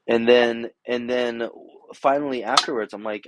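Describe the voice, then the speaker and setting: A man's voice: medium pitch, moderate pace, slight background noise. A middle-aged man telling a story in a casual, rambling way, exasperated, acting out both sides of an argument. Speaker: vlogger. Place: home garage workshop.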